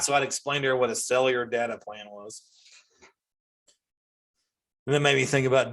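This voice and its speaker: Man, 40s, comedy host, ranting monologue with high outbursts. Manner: ranting, animated, jumps to high-pitched outbursts.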